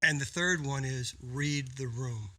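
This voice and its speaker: Speaking a little slowly in a mid-range voice that sounds pushed and bright, this business podcast co-host explains points emphatically, like a coach. He keeps the talk casual and frequently ends statements with "right?".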